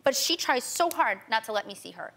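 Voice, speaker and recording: A little high and fairly bright, her voice is animated and creaky. She's a young woman in her twenties on a talk show, urgently recounting her story in an emotional testimony, tearful and rushed with frequent restarts.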